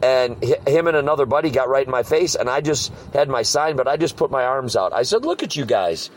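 A street preacher in casual talk, recorded outdoors with faint traffic humming behind him. His voice sits at an ordinary male pitch, and he tells his stories with animated energy, slipping into the voices of hecklers. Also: a little fast, rough recording. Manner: animated storyteller, mimics hecklers. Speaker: street preacher leading a discussion. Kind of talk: casual group talk with acted-out quotes.

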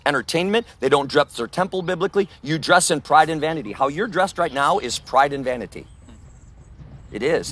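A man in mid-pitch voice preaches outdoors in a confrontational style. He rebukes his listeners forcefully, then drops to low, hushed tones to make a point. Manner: forceful, rebuking, swings between loud accusations and low near-whispers. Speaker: street preacher.

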